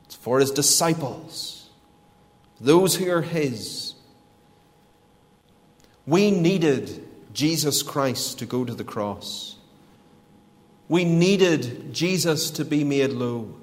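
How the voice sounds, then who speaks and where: A man preaching a sermon, deliberate and emphatic, with a lot of repetition. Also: a little high, lively intonation. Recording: long reverb of a large hall.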